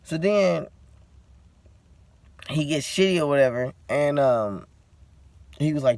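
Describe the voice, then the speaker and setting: A man's voice: a little high, expressive, takes it slowly, long pauses, a little mellow, no room sound. A man in a tired, casual vlog rant, talking bluntly and cursing freely as he vents. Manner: blunt, profane, venting. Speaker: vlogger.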